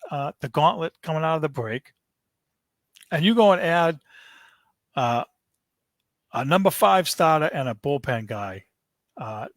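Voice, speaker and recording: Furious ranting sports host. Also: male voice, on the high side, a bit bright, dry recording. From Boston area. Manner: fed up, ranting, swearing, repeating himself. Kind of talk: angry sports rant.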